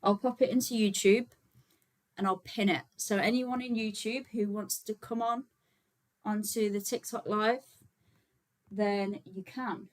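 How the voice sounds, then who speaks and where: A young woman from Birmingham, England, hosts a casual livestream as a vegan activist. Her mid-range voice is steady and a little slow, and she chats informally with viewers while setting up, using lots of filler words.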